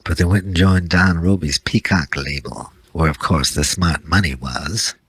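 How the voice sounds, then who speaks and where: A man's voice: low-pitched, normal speed, fairly bright tone, breathy edge, no room sound. A man hosting a radio music show, introducing records in a laconic, dry-witted scripted patter.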